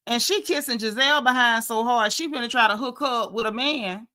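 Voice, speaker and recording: A woman talks through a reality show recap in a gossipy, animated way. Her voice is bright and sits a little high. She keeps slipping into lively quoted asides. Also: brisk. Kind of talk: casual recap chat.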